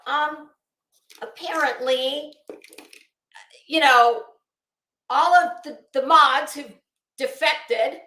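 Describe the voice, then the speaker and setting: A woman's voice: high-pitched, sharp tone, reverberant. A woman giving a sassy, exasperated commentary rant to her online audience, drawing out words for emphasis. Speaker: YouTube commentary host.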